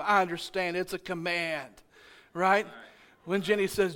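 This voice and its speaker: Preaching with playful exasperation, a pastor whose voice is unusually high for a man teases his congregation, cracks jokes, and builds to loud, emphatic shouts to hammer home each point. His tone is clear and resonant, and he speaks a little slowly.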